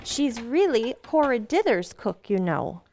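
An actress playing a gentle, patient young wife and mother who soothes everyone, in 1940s radio acting. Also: a little high, big pitch swings, unhurried. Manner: gentle, soothing, calling people dear.

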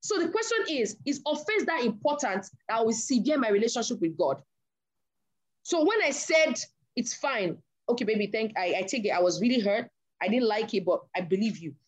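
Woman, sermon, animated storyteller, slightly high voice. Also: moderate pace. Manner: animated storyteller acting out dialogue. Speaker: preacher.

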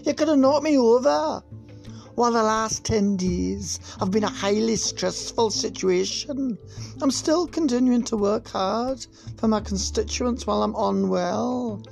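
Guy doing a flustered scottish lady politician, mock scottish accent, high strained voice. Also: a little slow, gravelly, a little mellow, faint music behind. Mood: defensive.

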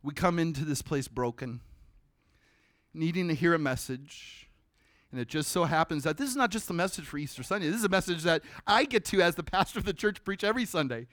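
Man, pastor, sermon, conversational, animated, sudden hushed drops, slightly high voice. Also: fairly quick, dry recording, clean studio sound.

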